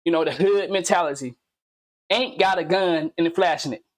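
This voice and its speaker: Animated man ranting in slang. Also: a little high, normal speed. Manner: animated, slangy, repeats himself, asks pointed questions. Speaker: commentary channel host. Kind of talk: casual ranting commentary.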